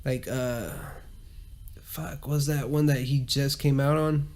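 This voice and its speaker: A man's voice: medium pitch, fairly even intonation, slow pace, darkish tone. A man hosting a casual solo podcast, rambling and cursing a lot and laughing at his own jokes. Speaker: podcast host.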